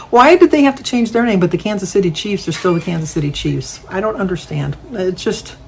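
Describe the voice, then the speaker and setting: A woman from Michigan chatting casually at home in a rambling, self-correcting way for her vlog. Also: lowish voice. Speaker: vlogger. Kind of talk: casual chat.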